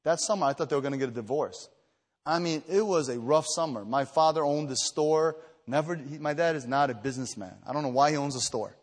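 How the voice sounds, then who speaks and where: A man from the Chicago area preaching an evening retreat sermon, earnest and emphatic, telling personal stories with many fillers and restarts, and growing louder and higher when stirred. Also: a little fast. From Chicago area, USA. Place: retreat meeting hall. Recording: echoey hall reverb.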